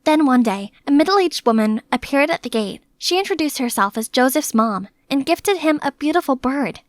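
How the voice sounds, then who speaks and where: A young woman narrating an animated story in the first person, in a lively, chatty way. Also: high voice, normal speed, no room sound, clean studio sound.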